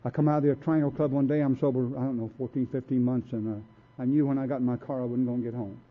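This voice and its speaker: Gruff street-kid man, plain mid-range voice, plainspoken storyteller, lo-fi narrow recording. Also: mid-range voice, steady tone, fast. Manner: blunt streetwise storytelling, acts out quotes. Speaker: recovery meeting speaker. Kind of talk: personal story talk. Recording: tinny phone-like recording.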